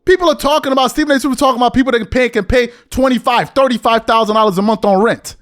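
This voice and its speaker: A man's voice: very high-pitched, fast talker, fairly bright tone. A man hosting a podcast, delivering an exasperated opinion rant full of repeated rhetorical questions. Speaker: podcast host.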